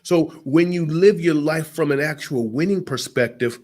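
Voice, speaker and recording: Speaking at a normal pace, this man has a fairly high, slightly mellow voice. He's a motivational speaker being interviewed, and he preaches emphatically straight to the audience.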